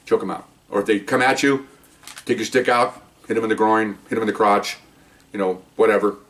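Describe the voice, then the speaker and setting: A man spins war stories from his police years at a brisk clip. His voice sits low and he acts out the dialogue of each scene. He sounds set back some distance from the microphone. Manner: animated storytelling, acting out quotes, chuckling. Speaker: retired police officer telling stories. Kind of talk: casual storytelling monologue.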